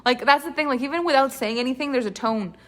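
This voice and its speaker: A woman's voice: high voice, quick pace. A woman coaching voice acting in a live online class, talking in an enthusiastic, chatty, rambling way.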